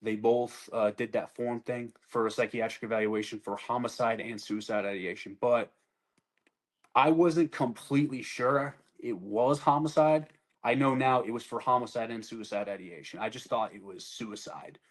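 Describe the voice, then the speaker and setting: A man's voice: mid-range voice, normal speed. A man in his twenties, an army sergeant, telling his story casually and bluntly, with plenty of swearing and acted-out lines from others. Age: 20s. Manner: blunt and profane, acts out other people's lines.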